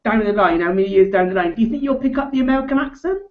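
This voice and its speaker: Woman, lively voice, hesitant chatty questions, dull lo-fi audio. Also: mid-range voice, very fast. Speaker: co-host. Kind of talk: casual live chat.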